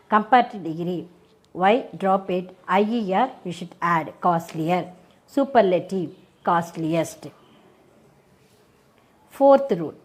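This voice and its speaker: A woman's voice: mid-range voice, darkish tone, breathy edge, low-quality recording. A woman teacher with an Indian English accent explaining grammar rules to a class, spelling out word endings letter by letter and checking whether students follow. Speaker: school teacher.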